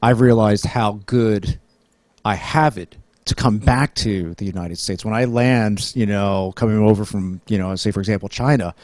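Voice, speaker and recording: A man's voice: lowish voice, normal speed, darkish tone, no echo. A middle-aged man from New Jersey with a New Jersey accent, hosting a casual interview, rambling and joking with many restarts. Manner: rambling, restarts often, jokey. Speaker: podcast host.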